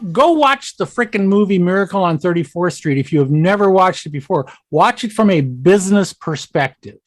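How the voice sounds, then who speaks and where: A man hosting a casual business podcast, an animated storyteller who acts out the quotes in his anecdotes. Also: high voice, normal speed, no room sound, clean studio sound. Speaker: podcast host. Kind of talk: casual conversation.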